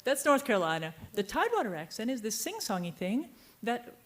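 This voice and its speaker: A woman's voice: on the high side, very animated, brisk. A woman novelist from Virginia on a book fair panel, telling a long, digressive anecdote and trailing off mid-sentence. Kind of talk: panel discussion, rambling anecdote.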